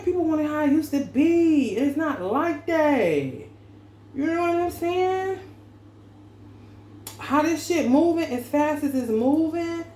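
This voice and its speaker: Woman tarot vlogger, slow and slangy, laughs a lot, echoey room. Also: sits high, warm tone. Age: adult parent. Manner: slangy, laughing, loose and profane. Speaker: tarot reader. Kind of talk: casual tarot reading monologue. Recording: echoey room with faint background noise.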